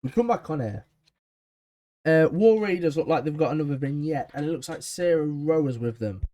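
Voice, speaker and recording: A man's voice: fairly high pitch, expressive, moderate pace, mellow. A man recapping a wrestling episode in a chatty, enthusiastic way, with frequent ums. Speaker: wrestling show reviewer.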